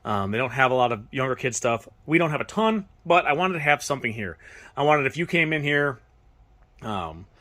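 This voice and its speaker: Guy showing off his toy shop, talks fast and excited, trips over his words a bit, medium voice. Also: mid-range voice. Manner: excited, fast-talking with restarts. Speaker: toy store owner giving a tour. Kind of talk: casual walkthrough tour. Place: indoor toy store.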